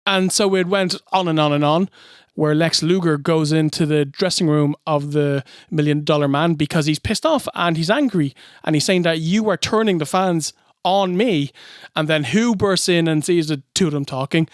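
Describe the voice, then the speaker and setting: A man, a podcast co-host, recaps a wrestling angle with comic relish. His voice is smooth and resonant and sits a little high. The sound is close and dry. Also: moderate pace, no room sound. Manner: animated storytelling, mocking recaps. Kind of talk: comedic wrestling review chat.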